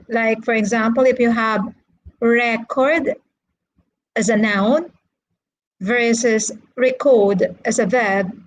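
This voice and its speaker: In a fairly high voice on a low-quality recording, a woman teaches an English lesson during a live-streamed online class. She goes slowly and patiently, checking in with her students often through frequent okay and right.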